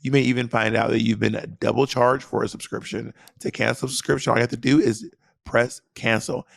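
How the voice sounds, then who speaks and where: Podcast co-host, 30s male: gravelly, jokey, loose ad-read delivery. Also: mid-range voice, flat delivery, brisk, no echo, studio quality. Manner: playful, jokey asides. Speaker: podcast co-host reading ads. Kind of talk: casual ad read.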